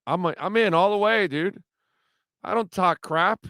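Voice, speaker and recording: A man's voice: sits high, a little slow, pushed and bright, no echo, clean studio sound. A man hosting a sports radio show, talking in a hyped, slangy way. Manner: hyped, slangy, calls people baby and dude. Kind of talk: casual sports radio chat.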